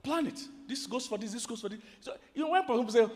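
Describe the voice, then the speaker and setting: A Nigerian-accented man sermonizes about marriage before a crowd in a big hall, and his voice rings with long reverb. His pitch sits high, and he snaps from loud emphatic lines to quiet asides while throwing questions at the listeners. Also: sing-song, quick pace. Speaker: marriage preacher. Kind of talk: sermon to a live audience. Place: large hall with an audience. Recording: hall reverb from a large venue.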